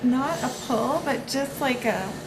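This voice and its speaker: Hushed, nervous woman calling to spirits. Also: high voice, expressive, unhurried, echoey room, background noise. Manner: hushed, nervous, shivering with cold. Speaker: paranormal investigator. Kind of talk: calling out to spirits, then debriefing. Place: dark old theater.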